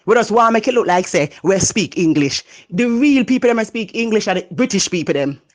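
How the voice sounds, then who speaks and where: Jamaican woman, motivational speaker, loud, passionate, patois-laced talk. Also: medium pitch, expressive, brisk. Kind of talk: motivational monologue.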